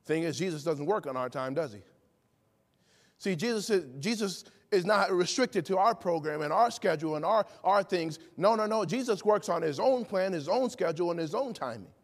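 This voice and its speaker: A man delivers a sermon in a high, ringing voice. He leans on rhetorical questions and acts out the people he quotes. The sound carries a long reverb, as from a church sanctuary. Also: lively intonation, moderate pace. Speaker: preacher.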